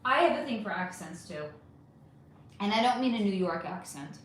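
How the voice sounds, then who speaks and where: A woman's voice: medium pitch, expressive, moderate pace. A woman hosting a casual livestream, chatting animatedly and answering viewer comments one by one. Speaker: livestream host reading chat. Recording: echoey room.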